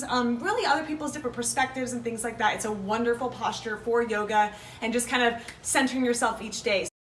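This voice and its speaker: A woman leading a yoga class, calmly cueing poses and breaths and cheering her viewers on. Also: high voice, a little hiss or hum. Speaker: yoga instructor. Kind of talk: guided yoga instruction. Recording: roomy echo.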